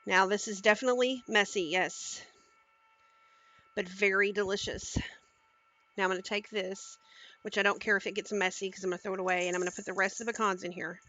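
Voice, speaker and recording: A woman's voice: mid-range voice, fairly even intonation, a little fast, pauses often, bright, forceful tone, dull audio. A woman cooking on a live stream, chatting casually and talking viewers through each step into a headset mic in her home kitchen.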